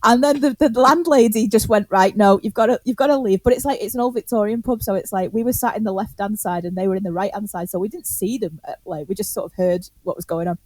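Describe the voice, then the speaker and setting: A woman's voice: mid-range voice, fast talker, hardly any pauses, darkish tone, no room sound. A woman tells a story on a podcast in casual chat. She laughs often, swears freely and acts out the quotes. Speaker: podcast co-host.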